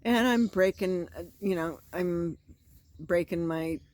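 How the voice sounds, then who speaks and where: A woman's voice: on the low side, slow, darkish tone. A woman vlogging from inside a screen tent at a campground, telling her story in a chatty, self-encouraging way. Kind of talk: casual chat.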